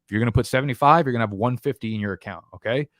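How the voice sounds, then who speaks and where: A man's voice: medium pitch, racing, fairly bright tone, no room sound, studio quality. A man with a New Jersey or New York accent hosting a fantasy football live stream, talking casually in a profane, emphatic, rambling way.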